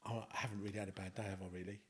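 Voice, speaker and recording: A man's voice: on the low side, little pitch movement, very fast. Earnest rambling storyteller, London man. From Scotland. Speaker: interview guest. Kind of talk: casual storytelling.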